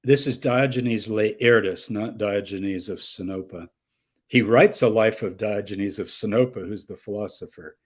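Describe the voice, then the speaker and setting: An older man with a fairly low voice and unhurried pace is a guest scholar answering audience questions in a live conversational Q&A. He tells stories animatedly, acts out quoted voices, and laughs often.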